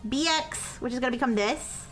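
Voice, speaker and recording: A woman's voice: moderate pace, a bit bright, soft background music. A woman live-streaming, explaining a math problem step by step to her chat and checking in with "okay?" after each step, turning apologetic when corrected. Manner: self-described as highly caffeinated.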